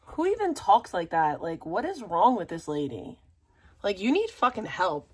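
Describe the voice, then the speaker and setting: A woman's voice: mid-range voice, very animated, moderate pace, darkish tone, husky. A woman streamer mocking a caller in casual livestream chat, laughing and using sassy slang.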